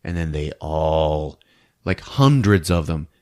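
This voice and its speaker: A man's voice: rumbling low, takes it slowly. A man hosting a podcast, casually retelling a movie plot with lots of laughter. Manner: animated, laughing, storytelling. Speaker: podcast host.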